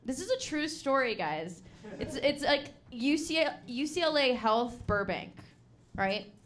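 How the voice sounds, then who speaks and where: On a comedy club stage before a live audience, a young woman performs open-mic stand-up in a high-pitched, animated, slightly bright voice at a measured pace. She rambles, puts herself down, and frequently laughs at her own jokes.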